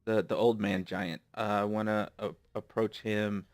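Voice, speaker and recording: A man's voice: fairly low pitch, fairly even intonation, moderate pace, dry recording, soft background music. A man speaking as a player in a tabletop game, polite and careful.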